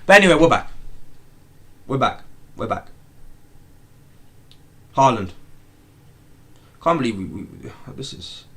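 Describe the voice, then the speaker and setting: Young man, live football watchalong host, excitable, lively pitch swings, bright voice. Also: takes it slowly, long pauses, husky. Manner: excitable, repeats himself, swings from outraged shouts to muttering. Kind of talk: live match watchalong commentary.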